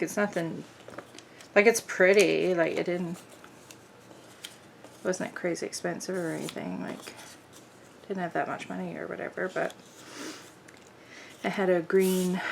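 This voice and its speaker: Middle-aged woman, craft vlogger, unhurried rambling chat, gravelly voice, faint background hiss. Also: lowish voice. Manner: rambling, many "like" fillers. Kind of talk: casual chat while crafting.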